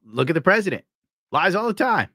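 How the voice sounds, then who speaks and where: A man chatting casually on a podcast, telling animated stories and mimicking voices. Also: sits high, a little fast, dry recording, clean studio sound. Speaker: podcast co-host.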